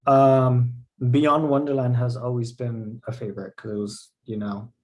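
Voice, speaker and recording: Mid-pitched man from the West Coast on a podcast; laid-back, slangy, profane. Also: little pitch movement, unhurried. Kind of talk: casual podcast chat.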